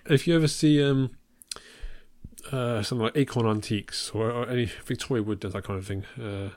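English male podcast co-host, wry, halting delivery, mid-pitched, dead dry room. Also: darkish tone, no echo. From England. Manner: stammering restarts, dry humour, frequent laughs. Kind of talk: casual chat.

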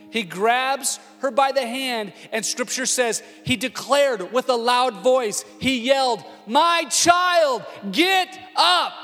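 A man in his thirties, a lead pastor, preaching a sermon with animated storytelling that swings between hushed tones and shouting. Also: very high voice. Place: church auditorium. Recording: long hall reverb with faint music.

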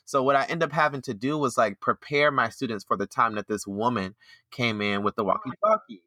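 A man telling a story in casual chat, animated and full of fillers. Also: medium pitch, brisk, no room sound, studio quality. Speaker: podcast co-host, former teacher.

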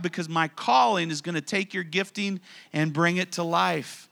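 A man preaching a sermon in a church, animated and acting out the voices of people in the stories he tells. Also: on the high side, moderate pace, creaky. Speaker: pastor. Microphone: handheld or stand mic.

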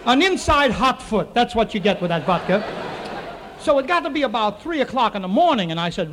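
A man telling a comic stage monologue to a live audience, with quick wisecracks and asides to the crowd. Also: high voice, very animated, a bit bright. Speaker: comedian and radio show host. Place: theater studio with live audience. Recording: faint noise on an old radio recording.

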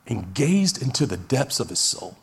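A man's voice: medium pitch, big pitch swings, moderate pace, vocal fry, husky. A man in his forties, a pastor preaching an earnest, emphatic sermon that repeats its key phrases. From Texas.

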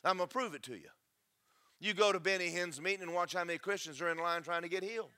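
A man preaching a sermon, emphatic and preachy, swinging between loud and soft. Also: high voice, fast talker, clean tone. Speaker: pastor.

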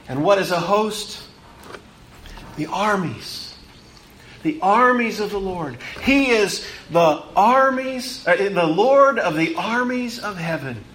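A man preaching a sermon, emphatic, repeating words for stress and rising, then dropping to hushed tones. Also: sits high, animated, takes it slowly, echoey room, slight background noise.

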